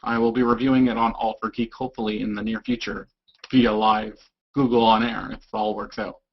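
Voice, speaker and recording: Young guy goofing around on a live stream, husky voice, muffled lo-fi webcam sound. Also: lowish voice, flat delivery, a little fast. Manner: goofy, rambling, breaks into silly voices. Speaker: vlogger. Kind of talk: casual live stream chat. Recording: dull lo-fi webcam audio.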